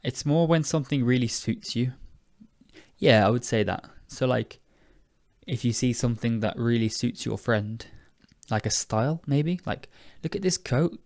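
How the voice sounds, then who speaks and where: Here a young British man who teaches English hosts a podcast for learners, speaking at a moderate pace with medium pitch and a darkish tone. Casual and chatty despite sounding tired, he keeps correcting himself and laughs at himself. He's from the United Kingdom; the recording is dry and studio quality.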